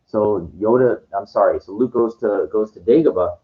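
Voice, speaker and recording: Man, lowish voice, lecturing rant, dull lo-fi recording, lots of restarts. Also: moderate pace. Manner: condescending, lecturing, stumbling restarts. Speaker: vlogger answering viewer comments. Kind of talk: ranting monologue to camera. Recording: dull lo-fi sound.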